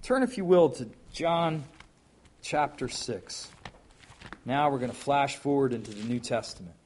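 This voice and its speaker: A man preaching a sermon. He reads scripture aloud and mixes in folksy, conversational asides. He swings from loud, emphatic declaiming to quiet remarks. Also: medium pitch, lively intonation, a little slow, a little hiss or hum.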